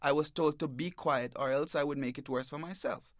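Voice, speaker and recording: Male reporter guest, halting and stammering, plain mid voice, dry studio sound. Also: a little high, steady tone, dry recording. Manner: halting, repeats words, stammers. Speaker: newspaper reporter, interview guest. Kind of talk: emotional first-person account. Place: radio bureau studio.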